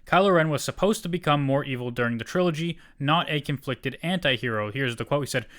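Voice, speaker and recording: A man's voice: on the high side, fast talker, a bit bright. A young man co-hosting a casual podcast, reading a news quote aloud in a laid-back way. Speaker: podcast co-host.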